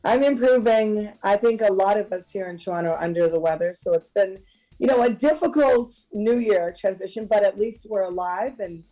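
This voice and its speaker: A woman co-hosting a simulcast radio chat, a little under the weather and speaking in a relaxed, chatty way. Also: medium pitch, moderate pace, soft background music, poor audio.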